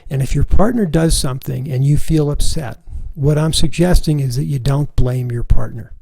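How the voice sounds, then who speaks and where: Middle-aged male workshop teacher, gravelly and warm, calm and deliberate, dry close sound. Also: mid-range voice, no echo, poor audio. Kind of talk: recorded course lesson.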